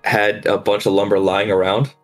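A man's voice: lowish voice, flat delivery, normal speed, soft background music. A man playing in a tabletop game, chatting casually and teasing the others. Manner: teasing, joking. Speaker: player. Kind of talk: casual chat.

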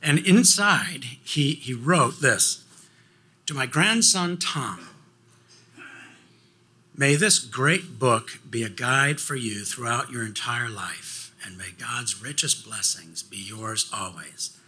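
An older man telling a personal story in a halting way, often repeating words. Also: medium pitch, pushed and bright, breathy edge. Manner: halting, repeats words, acts out quoted voices. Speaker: guest speaker.

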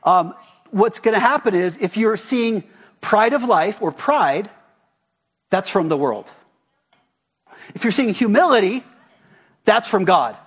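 A man preaches a sermon in a husky, high-pitched voice that rises and falls a lot. He talks to the congregation casually and keeps asking them rhetorical questions. The sermon is delivered in a church hall. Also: expressive, slow, pauses often, fairly bright tone. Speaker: pastor.

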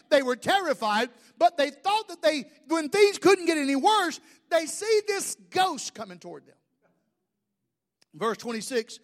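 A man in his fifties, a pastor preaching an animated sermon full of rhetorical questions. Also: very high voice.

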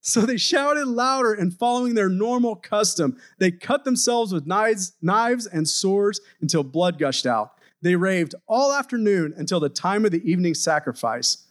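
A male pastor preaching a sermon, urging his listeners and dropping his voice low for emphasis. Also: expressive, normal speed, few pauses. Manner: exhorting, rising and dropping for emphasis.

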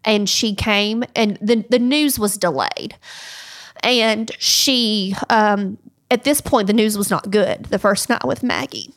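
A woman's voice: medium pitch, slow pace. A woman, co-hosting a podcast, telling a personal story while crying and sniffling. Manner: tearful, storytelling with quoted voices. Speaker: podcast co-host. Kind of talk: emotional personal podcast talk.

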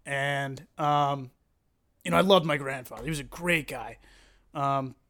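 A man guest on a podcast, telling a long story in a casual, animated way, swearing and laughing often. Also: mid-range voice, a little slow.

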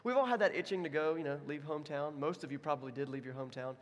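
A man's voice: a little high, very fast, big-room sound. A man preaching a sermon as pastor, in a conversational, self-deprecating way. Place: church.

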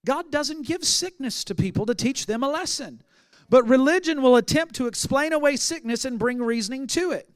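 A man's voice: very high-pitched, expressive, normal speed, no room sound, studio quality. A male pastor preaching a sermon, telling stories and acting out the people in them, then rising to emphatic declarations. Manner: storytelling, acting out quoted voices, rising to emphatic outbursts.

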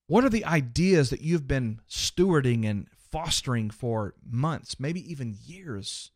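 A man's voice: mid-range voice, no echo, studio quality. A man giving a motivational sermon on a podcast, emphatic, repeating phrases for rhythm and addressing the listeners directly. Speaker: podcast host and preacher.

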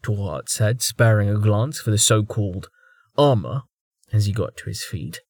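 A man narrating a fantasy audiobook in an even, measured way, close to the mic. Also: on the low side, no echo.

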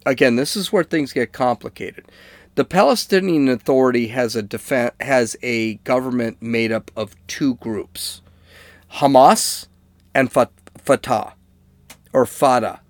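A man's voice: mid-range voice, unhurried, no echo. A man talks through current events in a loose, conversational commentary, checking in with listeners and restarting his sentences. His voice sits in a middle register. It is recorded close and dry, with no room sound. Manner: conversational, fillers and restarts, asks "okay?" to listeners. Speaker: political commentator. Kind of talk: casual commentary to camera.

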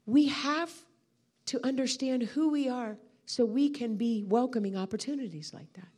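A woman preaching with a somewhat high voice, swept up in her own testimony. She speaks with open emotion and conviction, in a storytelling sermon style. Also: normal speed, darkish tone.

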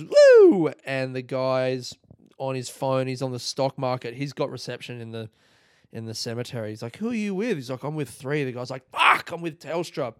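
A man spinning a rambling comic story in a dry, close-sounding room. He jumps into the voices of his characters with sudden high-pitched yelps and casual swearing, his voice sitting at a middle pitch the rest of the time. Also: clean tone, dry recording. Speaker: comedian podcast host.

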